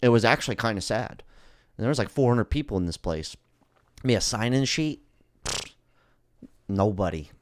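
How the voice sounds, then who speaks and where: A man's voice: medium pitch, expressive, normal speed, long pauses, no echo. A man hosting a casual solo podcast, talking bluntly and swearing freely as he rambles through his thoughts. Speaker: podcast host.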